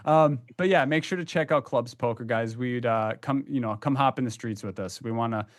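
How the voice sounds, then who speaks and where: A man's voice: mid-range voice, brisk. Chatty male podcast co-host. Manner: chatty, loose, many fillers. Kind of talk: casual podcast chat.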